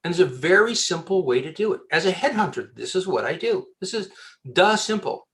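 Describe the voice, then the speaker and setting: Man, headhunter guest, lively and joking, many restarts, slightly high voice. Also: quick pace. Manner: animated and joking, with frequent restarts. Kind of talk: casual advice in a podcast interview.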